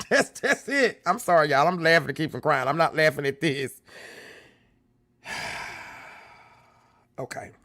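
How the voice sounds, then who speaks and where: High, bright-voiced male streamer. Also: expressive, a little slow, pauses often, dry recording, studio quality. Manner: emphatic, repeats himself, swears freely. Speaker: livestream host. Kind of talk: live stream commentary.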